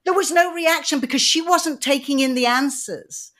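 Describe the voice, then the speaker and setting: A woman from Manchester with a Mancunian accent tells long, lively stories in a relaxed podcast chat. She rambles cheerfully from one anecdote to the next. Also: fairly high pitch, fairly quick, few pauses. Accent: Mancunian English. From Manchester, England. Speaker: podcast co-host. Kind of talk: casual chat.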